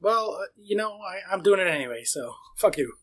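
A man's voice: sits high, expressive, moderate pace, slightly rough. A man in a casual chat who talks bluntly and swears freely.

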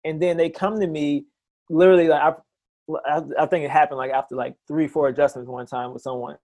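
Eager chiropractor, a man with a slightly high voice. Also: steady tone, a little mellow. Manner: enthusiastic, talks in quick bursts with many restarts. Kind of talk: casual interview.

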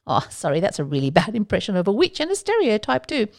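A woman's voice: medium pitch, wildly swooping pitch, quick pace, creaky. A woman hosting a solo podcast, talking casually with playful asides and self-mocking jokes. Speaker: podcast host.

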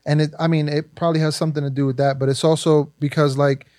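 A laid-back man in a casual podcast chat who talks quickly in an easygoing way. His voice is a bit high for a man. The sound is dry and close. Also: little pitch movement, a little mellow, no room sound.

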